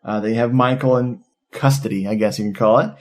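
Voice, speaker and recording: A man with an everyday, mid-pitched voice chatting on a movie podcast. He tells the plot in an excited, animated, profane way. His casual manner sounds like talking with a friend. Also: brisk. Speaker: podcast co-host. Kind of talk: casual movie review chat.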